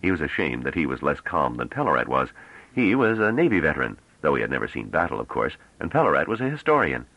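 Very deep-voiced male audiobook narrator. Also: sing-song, fast, dry recording, highs cut off.

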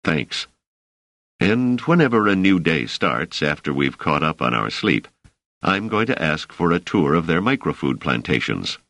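A man's voice: extremely low pitch, sing-song, measured pace, a bit bright, dry recording, heavily acted. A man reading aloud who voices a scholarly stranger with a dry, ironic, exasperated manner. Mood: wry.

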